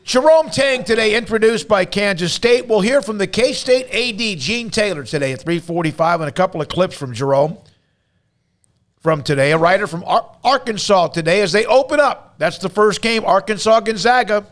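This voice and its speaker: A man's voice: high-pitched, expressive, moderate pace, a bit bright. A man hosting a sports radio show, chatty and joking, with the hiccups. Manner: chatty, self-deprecating about hiccups. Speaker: radio host. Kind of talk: casual sports radio chat.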